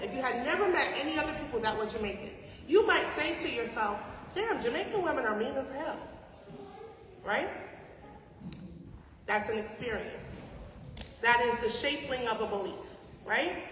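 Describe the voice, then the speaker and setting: A woman with a high voice teaches a class on spiritual growth in a relaxed, conversational way. She asks rhetorical questions and often checks in with "right?". Her delivery moves between soft asides and loud emphasis, heard from far off in an echoey hall with faint ambience behind. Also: a little hiss or hum.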